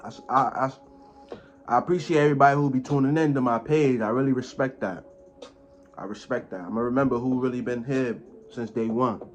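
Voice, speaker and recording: Faint music plays behind a muffled recording of a mukbang vlogger, a young man whose mid-range voice moves a little fast. He eats a meal and talks casually to the camera, bantering in slang, occasionally through a mouthful of food.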